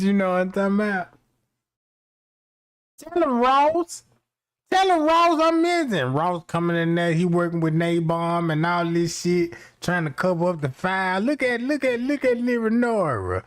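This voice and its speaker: A man's voice: high-pitched, smooth. A man hosting a stream, ranting casually and cracking profane jokes, rambling and slipping into quoted voices. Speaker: streamer host. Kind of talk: casual comedic rant.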